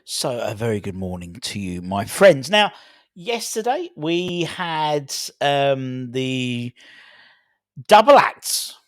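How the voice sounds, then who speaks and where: A man's voice: mid-range voice, big pitch swings, takes it slowly. A middle-aged man hosting a football fan channel, talking casually and rambling with lots of fillers and restarts. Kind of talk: casual solo video chat.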